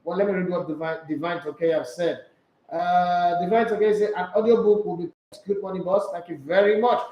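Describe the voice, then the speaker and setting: A man's voice: high voice, fairly even intonation, brisk, echoey room, lo-fi sound. A man with a Nigerian accent hosting a casual sports chat, slipping into Pidgin as he reads out viewer comments. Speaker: sports show host. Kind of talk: casual live-stream chat reading comments.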